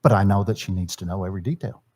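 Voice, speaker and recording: A man's voice: sits low, racing, a little mellow, breathy edge. A middle-aged man teaching at a church marriage seminar, talking conversationally and acting out bits of dialogue. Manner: conversational, acts out quoted dialogue, repeats words.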